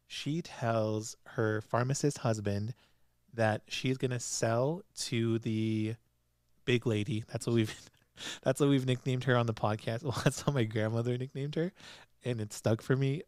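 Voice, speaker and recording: A man's voice: medium pitch, a little mellow, clean tone, no room sound, studio quality. A young man hosting a solo podcast, chatting casually and laughing often as he recaps episodes. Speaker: podcast host.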